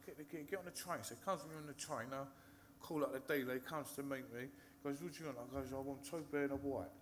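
A man's voice: mid-range voice, steady tone, fast, a little hiss or hum. A man, a recovering addict candidly telling his story, swearing, laughing and mimicking the people in it.

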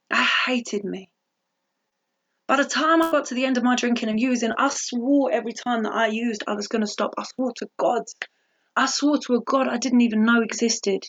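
An English woman gives a blunt, candid testimony about her recovery, swearing freely as she talks. Her voice is high with a fairly bright tone, and the audio is dull and lo-fi.

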